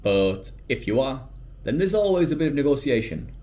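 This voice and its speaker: A British man, an English teacher, talking casually to camera in an animated way and slipping into quoted voices. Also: medium pitch, moderate pace. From United Kingdom.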